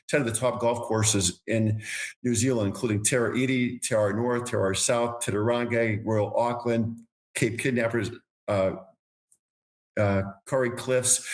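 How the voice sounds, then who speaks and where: A man, a podcast guest, telling long casual anecdotes with many restarts and repeated words. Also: mid-range voice. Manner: rambling anecdotes with frequent restarts. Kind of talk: casual storytelling.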